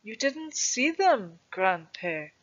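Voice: sits high, slow, a bit bright, pitched above the performer's own voice. A reader voicing an eager, curious young boy who asks questions in a raised voice. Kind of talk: storybook reading. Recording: dull lo-fi recording.

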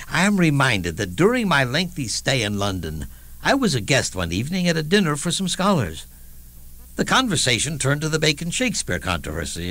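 A man's voice: medium pitch, a bit bright. An actor playing a witty elderly statesman, telling wry anecdotes in a theatrical one-man stage monologue with chuckling asides.

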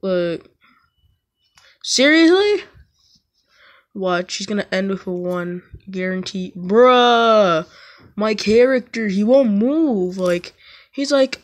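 A woman chatting casually over gameplay at home, slangy and prone to sudden excited yelps. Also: medium pitch, takes it slowly, long pauses. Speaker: gaming YouTuber.

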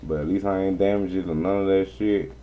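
Male gaming streamer, lower voice, casual and profane, chatting to his audience. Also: fairly even intonation, a little fast, muffled recording. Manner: profane, rambling, talks to viewers. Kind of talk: casual gameplay commentary.

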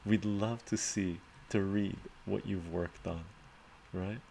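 A man's voice: deep voice, steady tone, takes it slowly, gravelly, mellow, a little hiss or hum. A man live streaming and answering his chat in a loose, rambling way, often tagging his points with "right?" and chuckling.

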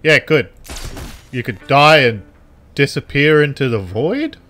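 Goofy man yelling over a game. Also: medium pitch, lively intonation, unhurried, soft background music. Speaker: puppet character gameplay commentator. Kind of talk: comedic gameplay commentary.

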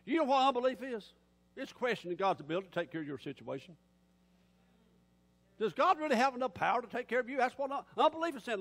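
A man's voice: very high-pitched, lively intonation, quick pace, a bit bright. A man, a pastor, preaching an impassioned sermon in a folksy, plain-spoken way. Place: church sanctuary. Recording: long church hall reverb.

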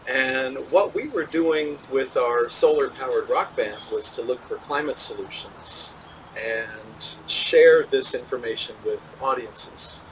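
A man, a physicist, answering interview questions in a measured, thoughtful way, with small laughs and restarts. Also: mid-range voice, a bit bright, distant mic, slight background noise, low-quality recording. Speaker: physicist and solar cooker tester, interview guest.

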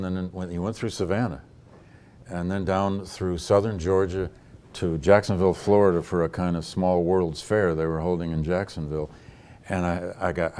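Deep-voiced man answering audience questions. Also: darkish tone. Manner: thoughtful, with frequent hesitations and restarts. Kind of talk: lecture Q&A. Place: lecture hall with an audience.

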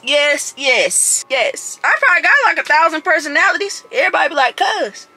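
High-voiced excitable man vlogging in car. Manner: animated, excitable, loud outbursts. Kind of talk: casual vlog while driving. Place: inside a moving car. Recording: car road noise.

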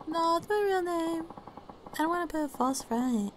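A woman streamer giving loud, profane, excitable commentary as she plays a game, mocking the characters. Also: very high-pitched, moderate pace, a little hiss or hum. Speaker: gaming streamer. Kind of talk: let's play commentary.

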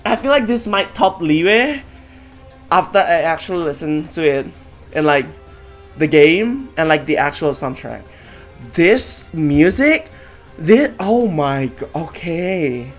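A streamer giving excited live reaction commentary, full of exclamations and swearing. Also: mid-range voice, takes it slowly, faint music behind.

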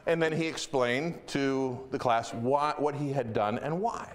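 A middle-aged man preaching a sermon as pastor, telling stories in an animated, emphatic way. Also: mid-range voice, a little slow, few pauses.

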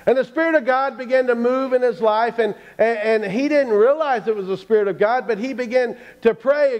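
A man's voice: very high-pitched, normal speed, few pauses, a little mellow. A man preaching a sermon as pastor, telling a story and acting out the people in it. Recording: dull lo-fi church stream.

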